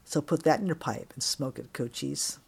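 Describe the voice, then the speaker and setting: A man's voice: a little high, normal speed, creaky, slightly rough, full character voice. A man doing a brash, mouthy drunk young woman. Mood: cocky. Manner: swaggering tough-talking 1930s slang.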